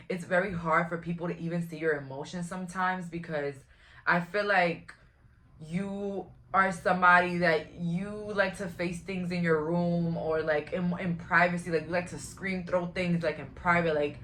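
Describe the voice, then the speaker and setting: A woman's voice: lowish voice, a bit bright, a little hiss or hum. A woman, giving a casual, frank tarot reading to camera in a chatty, blunt way. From Brooklyn, New York. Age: 20s. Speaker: tarot reader.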